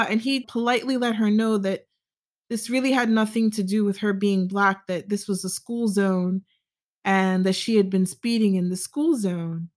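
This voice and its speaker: A woman's voice: mid-range voice, steady tone, darkish tone. Woman vlogger telling a story casually. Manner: conversational, measured, frequent fillers and self-corrections. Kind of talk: casual storytelling monologue to camera.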